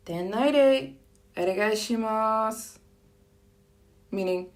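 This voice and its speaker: A woman hosting a casual live stream, chatting lightly and animatedly, jumping up in pitch for sample phrases. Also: unhurried. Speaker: livestream host.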